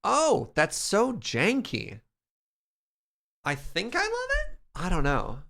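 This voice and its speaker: A man's voice: high voice, wildly swooping pitch, slow, vocal fry, pushed and bright. A man casually commenting as he streams a building game, chatty and playful, talking to his chat.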